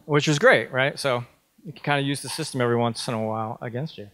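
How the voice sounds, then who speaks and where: A man's voice: medium pitch, quick pace, a bit bright. A man in his thirties giving a conference talk, telling a personal story conversationally with frequent ums and restarts. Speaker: conference speaker.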